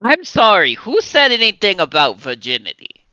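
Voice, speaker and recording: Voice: medium pitch, huge pitch swings, moderate pace, bright, forceful tone, no room sound, muffled recording. A player voicing a sly male gambler who keeps swearing, teasing others in a smug way.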